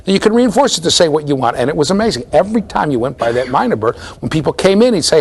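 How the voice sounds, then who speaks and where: A middle-aged man giving a university lecture, animated and storytelling, often checking in with the class. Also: a little high, very fast, vocal fry, hardly any pauses, husky. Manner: animated storytelling, mimics voices, asks the class "right?". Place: lecture hall.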